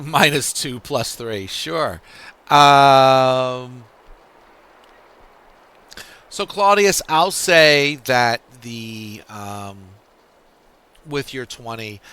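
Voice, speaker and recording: A man running a tabletop game as game master, pausing often as he works out rulings for the players. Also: medium pitch, a bit bright, clear, resonant tone, no room sound. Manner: halting, full of fillers and restarts while deciding rulings.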